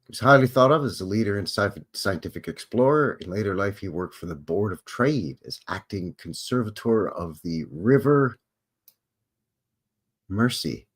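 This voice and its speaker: A Canadian man with a lowish voice hosts a casual live stream. He reads historical notes aloud and keeps interrupting himself with dry, offhand remarks. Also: expressive, moderate pace, breathy edge. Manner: wry offhand asides between read-out facts. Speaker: live show host.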